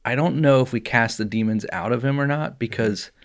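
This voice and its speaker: A man co-hosting a podcast, telling a story in a casual, animated way. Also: mid-range voice, brisk. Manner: animated storyteller, laughs often. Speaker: podcast co-host.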